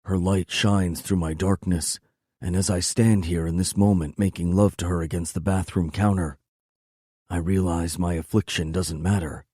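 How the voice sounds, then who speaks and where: A man reading a first-person romance novel aloud in a low, intimate, measured delivery. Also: steady tone, mellow, no echo, studio quality. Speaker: audiobook narrator.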